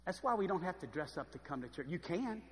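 A man preaching a sermon, telling lively stories and acting out the voices of the people in them. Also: high-pitched, quick pace, long reverb tail. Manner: animated storytelling, acts out voices. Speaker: pastor. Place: church.

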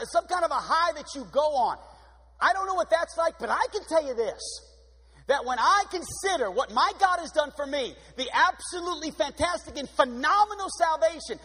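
A man preaching a sermon in an energetic, exuberant way, with sudden swings in pitch. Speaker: pastor. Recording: long hall reverb.

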